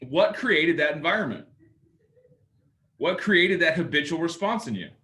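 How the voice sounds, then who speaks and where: Guy coaching a sales class, bright forceful voice, joking and acting out calls. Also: on the high side, moderate pace. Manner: lively, acts out phone calls in other voices.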